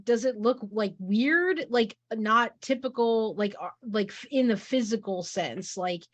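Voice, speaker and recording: A woman's voice: a little high, measured pace, dry recording. A woman playing a tabletop role-playing game, chatting and asking the storyteller questions. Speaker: player. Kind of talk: casual tabletop play.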